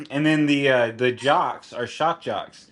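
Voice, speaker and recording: A man talks loosely and at length on a stream, at a middle pitch. His telling is profane and rambling, thick with "dude", and he keeps breaking into laughter. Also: slow, a bit bright. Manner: laughs often while telling a story. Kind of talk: casual chat.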